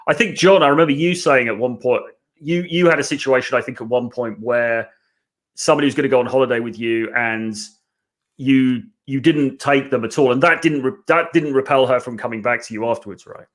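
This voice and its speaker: A man hosting a casual podcast discussion about a book, talking in an animated way and often checking in with "right?". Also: mid-range voice, a little fast. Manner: animated, conversational, frequent "right?" asides. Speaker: podcast host.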